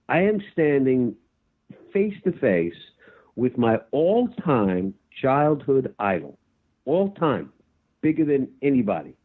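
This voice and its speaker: An older actor telling a lively anecdote in an interview, acting out his own shouting as he goes. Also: medium pitch. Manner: animated storyteller, acts out his own shouting. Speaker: actor guest. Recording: tinny phone-like line.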